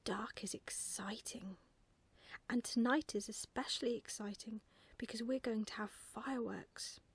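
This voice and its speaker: An excited little boy chatters eagerly in a breathy hush, as a woman whispers him out. The voice is unhurried and sounds close and dry. This is whispered role-play for a bedtime storybook. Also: fairly high pitch, no room sound, exaggerated voice.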